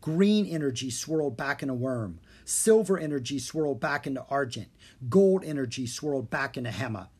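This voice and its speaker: A narrator reading a children's fantasy book aloud with steady storytelling. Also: medium pitch, normal speed, breathy edge. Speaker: audiobook narrator.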